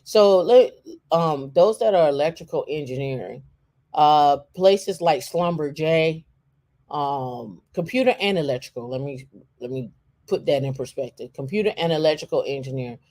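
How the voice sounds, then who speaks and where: Co-host, mid-pitched, casual and halting, thinks aloud while browsing, plenty of fillers and restarts. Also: a little mellow. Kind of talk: casual talk while browsing on a shared screen.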